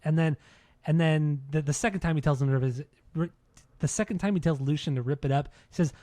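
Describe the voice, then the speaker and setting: A man co-hosting a casual music podcast, talking with keen enthusiasm and plenty of swearing. His voice sits somewhat high, with a mellow, warm tone, recorded close and dry. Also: fast, no echo. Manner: enthusiastic, swears often, repeats words when starting. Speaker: podcast co-host. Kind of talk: casual chat about music.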